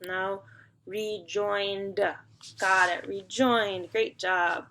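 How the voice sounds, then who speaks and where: A young woman teaching a phonics lesson to young students, slowly sounding out and blending words and praising them. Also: medium pitch, creaky, background noise. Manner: slow, encouraging, sounding out words.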